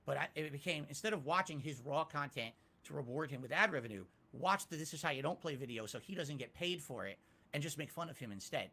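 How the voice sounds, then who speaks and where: A man answering interview questions candidly, self-critical and emphatic, rising to loud peaks. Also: a little high, expressive, fast talker. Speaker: interviewee, YouTuber.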